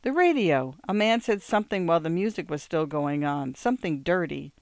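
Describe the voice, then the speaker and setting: An excitable young wife, eager and gossipy, her voice lifting above the narration, as a reader puts her on. The tone stays smooth and close, with a dry sound. It fits a storybook reading. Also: mid-range voice, brisk, no room sound, close to an everyday voice. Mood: excited.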